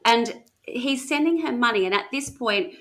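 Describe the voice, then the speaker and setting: A woman's voice: fairly high pitch, expressive, normal speed. Woman co-host, chatty true-crime teller who laughs at her own slips. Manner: chatty storyteller, self-mocking, laughs often. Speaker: podcast co-host. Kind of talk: casual chat.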